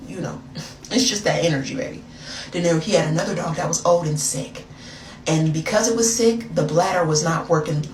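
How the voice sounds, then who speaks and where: A woman spins a story in a chatty, slangy storytime voice, playing up the drama as she goes. Her voice bounces around a roomy space, picked up from some distance. A layer of noise sits beneath it. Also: on the low side. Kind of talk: casual storytime. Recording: echoey room, far from mic, noisy.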